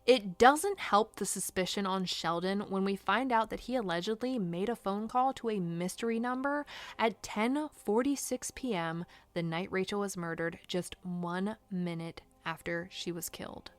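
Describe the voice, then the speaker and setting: A woman's voice: mid-range voice, normal speed. A young woman hosting a true crime podcast, narrating casually with sarcastic asides and rhetorical questions.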